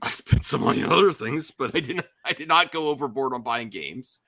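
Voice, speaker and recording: A man's voice: medium pitch, animated, a little fast, pushed and bright. A man hosting a casual livestream chat with friends, rambling, restarting often and laughing a lot. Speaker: stream host.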